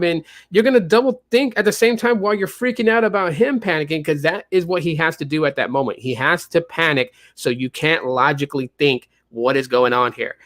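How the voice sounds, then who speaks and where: A man's voice: on the high side, a bit bright, dry recording. Rambling male podcast host, dry sound. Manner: rambling, with many fillers and restarts. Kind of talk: casual chat.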